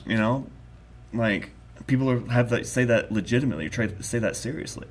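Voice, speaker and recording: A young man in a casual conversation, rambling with halting restarts. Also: medium pitch, a little hiss or hum.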